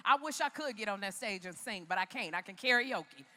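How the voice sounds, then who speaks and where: A woman's voice: medium pitch, lively intonation, brisk, bright, forceful tone, big-room sound. A woman from Chicago giving a motivational keynote speech in a large arena, telling her story in an emphatic, preacher-like way. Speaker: keynote speaker.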